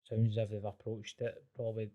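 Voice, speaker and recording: A man's voice: lowish voice, monotone, brisk, dark tone. A man hosting a podcast in casual chat, approving and a bit repetitive.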